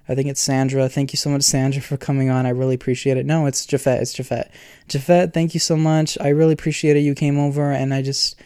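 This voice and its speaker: A man's voice: mid-range voice, mellow, clean tone, no room sound, studio quality. A man hosting his own podcast, talking alone in an earnest, rambling way with many fillers. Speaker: podcast host. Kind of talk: casual solo podcast talk.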